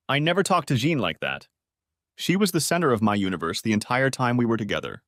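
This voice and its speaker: Male audiobook narrator, bitter and dramatic, lively intonation, dry close sound. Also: mid-range voice, fast talker, no echo. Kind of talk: first-person audiobook narration.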